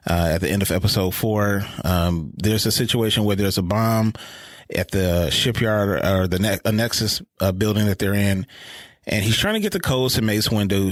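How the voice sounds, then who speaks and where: A man co-hosting a podcast in casual chat, animated as he recaps scenes and laughs often. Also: fairly low pitch, no echo. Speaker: podcast co-host.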